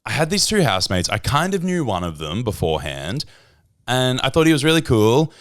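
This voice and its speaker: A man's voice: medium pitch, brisk. A man, co-hosting a podcast and telling stories in casual chat, acting out quotes in a raised voice. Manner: animated storyteller, acts out quotes in a raised voice. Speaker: podcast co-host.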